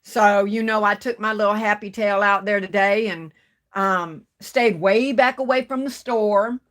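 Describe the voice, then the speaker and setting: A woman's voice: medium pitch, steady tone, measured pace. A woman hosting a casual livestream, greeting viewers one by one and calling them baby and darling. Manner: warm Southern endearments, calls viewers baby and darling. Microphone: phone.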